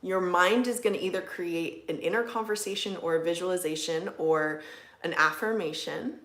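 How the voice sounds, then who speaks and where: A woman with a slightly low voice talks casually to her livestream viewers. She is relaxed and chatty, scattering "like"s and soft laughs through her speech as she reads comments aloud. Her voice carries a roomy echo from her home. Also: normal speed. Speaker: livestream host, manifestation coach. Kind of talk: casual live-stream chat reading viewer comments. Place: indoors at home.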